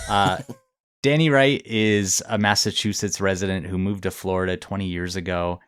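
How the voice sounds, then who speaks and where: A man's voice: sits low, steady tone, unhurried, fairly bright tone, clean tone, no echo, clean studio sound. A man co-hosting a podcast, casually retelling a news story with easy laughs. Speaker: podcast co-host. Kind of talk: casual chat.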